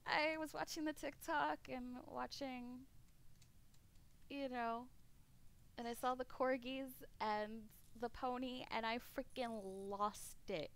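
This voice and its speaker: A woman's voice: high voice, steady tone, slow, a bit bright, clean tone. A woman streamer chatting casually while gaming, rambling and candid, laughing often and swearing offhandedly.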